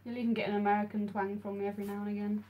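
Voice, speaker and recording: A woman's voice: medium pitch, level tone, racing, muffled recording, slight background noise. Chatty young woman streaming while drawing. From English Midlands. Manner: chatty, answers chat messages, frequent ums. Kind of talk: casual livestream chat while drawing.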